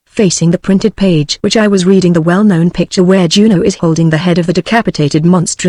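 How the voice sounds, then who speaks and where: A text-to-speech woman's voice with a British English accent, reading a novel aloud in an even, steady way. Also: fairly low pitch, dry recording. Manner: even, steady synthetic reading with no change between characters. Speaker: narrator. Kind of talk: text-to-speech audiobook narration.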